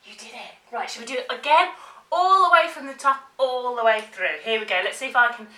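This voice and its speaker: Playful drama teacher coaxing a child. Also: female voice, a little high, a little fast, sharp tone, distant mic. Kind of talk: children's drama warm-up lesson. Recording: roomy, from off the mic.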